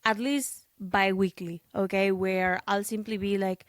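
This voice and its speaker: A young woman talks through a casual podcast monologue at an everyday, middle pitch, the recording close and dry with no room around her. She rambles along in a chatty way, tossing in "like" and "okay?" as she goes. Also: normal speed, hardly any pauses, no echo. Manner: talkative, full of fillers and asides like "okay?". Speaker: podcast host and content creator.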